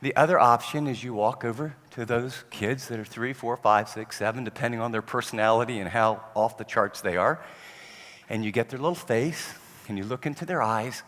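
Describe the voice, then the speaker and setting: A man preaching a sermon on parenting, telling stories and acting out parents and children in an animated way. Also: medium pitch, moderate pace. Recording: long hall reverb.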